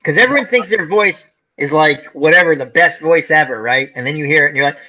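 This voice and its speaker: A man's voice: a little high, a little fast, pushed and bright, muffled recording. A man in his forties hosting a casual chat, telling stories animatedly and acting out voices. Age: 40s. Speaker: host.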